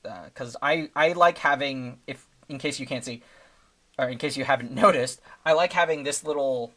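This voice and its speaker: A man's voice: medium pitch, fairly bright tone. Man rambling through a live stream. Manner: rambling, thinking aloud with many fillers. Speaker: streamer making thumbnails. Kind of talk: casual live-stream commentary.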